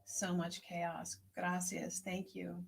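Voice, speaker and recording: A woman herbalist hosting an online tea circle, speaking in a gentle, unhurried, prayerful way as she reflects and reads out messages. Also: lowish voice, completely flat delivery, gravelly. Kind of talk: reflective spoken meditation and chat reading.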